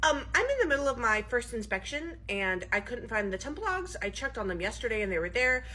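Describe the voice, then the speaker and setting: A woman's voice: a little high, big pitch swings, a little fast, sharp tone, a little hiss or hum. A woman playing a nervous young female trainee manager in a comedy skit, hesitant and stammering.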